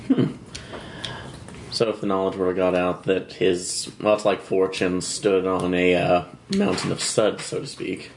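A man's voice: deep voice, little pitch movement, measured pace, vocal fry, slight background noise. A man playing a tabletop game, rambling and restarting his sentences. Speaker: player. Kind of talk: casual tabletop chat.

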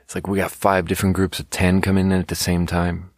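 A man's voice: sits low, monotone, fast, no room sound, clean studio sound. A man in his thirties telling a long, profane, self-mocking story in casual monologue, worn out and rambling. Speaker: podcast host.

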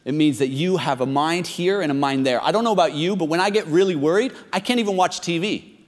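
A man's voice: a little high, fast talker. A pastor in his thirties preaching a sermon, talking conversationally and then pressing his point with emphasis. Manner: conversational and emphatic, rising to exhortation. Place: church hall. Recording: long reverb of a large hall.

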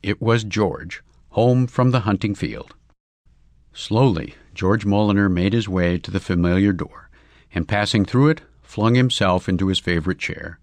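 Low-voiced man narrating a comic story. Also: a little slow, no echo.

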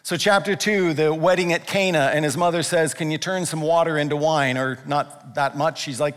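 Pastor, male, animated sermon storyteller; slightly raised voice, reverberant sanctuary sound. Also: fairly high pitch, moderate pace, few pauses. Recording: long reverb of a large room.

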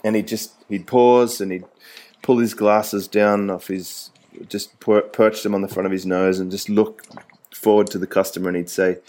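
A male podcast host and former car salesman telling a story in measured, unhurried chat. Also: fairly low pitch, fairly even intonation, darkish tone. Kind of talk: casual chat.

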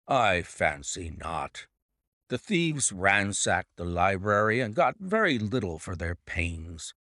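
Man voicing a brisk, genial old-school colonel with lively intonation, dry recording. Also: low-pitched, no room sound, full character voice. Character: bluff, hearty country colonel, middle-aged.

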